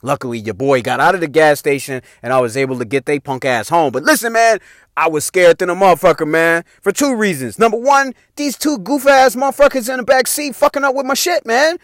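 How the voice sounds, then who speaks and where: A man's voice: high voice, fairly quick, dry recording, clean studio sound. A middle-aged man hosting his own show, telling a personal story in casual, profane slang. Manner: profane, animated, slangy street talk. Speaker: podcast host telling a story.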